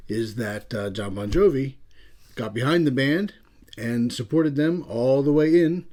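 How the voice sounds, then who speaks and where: A man's voice: medium pitch, a little mellow. A man with a Philadelphia accent, hosting a casual, rambling video about a classic album. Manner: chatty, rambling, self-amused. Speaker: channel host.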